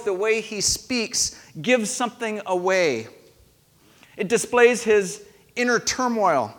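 A man's voice: high-pitched, a bit bright. A male pastor giving a sermon in a conversational storytelling manner, asking his listeners questions. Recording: long hall reverb.

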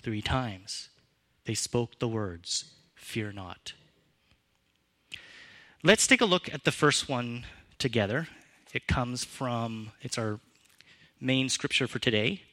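A man delivers a sermon from the pulpit, bright and forceful in tone. He speaks slowly and deliberately. His pitch swings widely for emphasis, and his voice grows louder and softer as he drives each point home. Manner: expressive, varies pitch and loudness for emphasis. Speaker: pastor.

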